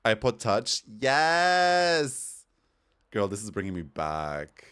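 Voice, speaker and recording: A man from Europe chatting casually while gaming, telling stories in a campy, animated way with swearing. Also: deep voice, normal speed, smooth. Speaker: streamer.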